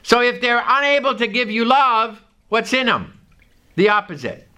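A man preaching a sermon to a congregation, reading scripture aloud and stressing key words in an emphatic, drawn-out delivery. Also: extremely high pitch, animated, pushed and bright, clear, resonant tone.

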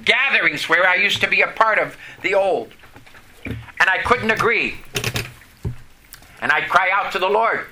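Middle-aged male pastor, high bright voice, sermon delivery with call-and-response and sudden low drops. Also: lively intonation. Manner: preaching with call-and-response, dramatic pauses and drops in pitch.

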